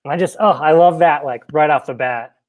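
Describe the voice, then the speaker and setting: A young man chats about a film on a casual podcast, his voice sitting a little high for a man. He retells scenes eagerly, slipping into quoted lines and laughing along the way. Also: a little fast. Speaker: podcast co-host.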